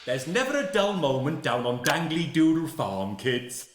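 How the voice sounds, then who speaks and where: A performer voicing a sinister children's-song entertainer, singing slowly in a macabre sing-song. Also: mid-range voice, big pitch swings, lightly acted. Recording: echoey with loud country guitar.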